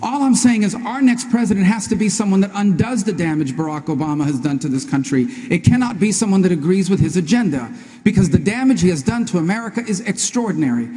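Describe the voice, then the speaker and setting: A man on a debate stage, talking fast and hammering his points in a rapid, emphatic stump-speech rhythm. His voice sits fairly high with a mellow, dark tone. The sound carries a long hall reverb. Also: animated. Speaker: presidential candidate.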